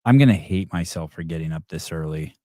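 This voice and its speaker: A man's voice: very deep voice, fairly quick, dark tone, no echo, clean studio sound. A man hosting a live call-in podcast, rambling in a sarcastic, profane way. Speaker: podcast host.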